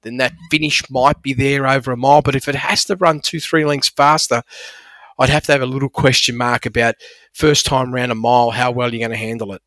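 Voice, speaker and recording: A man's voice: mid-range voice, fairly even intonation, a little fast, a bit bright, no room sound. A man, breaking down horse racing form with enthusiastic, emphatic analysis. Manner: enthusiastic, emphatic about figures.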